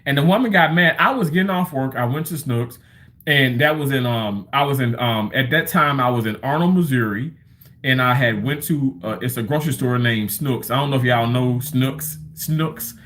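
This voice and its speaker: A man's voice: mid-range voice, normal speed, fairly bright tone. A man in his thirties or forties, rambling through a casual livestream monologue with chatty storytelling and loose swearing.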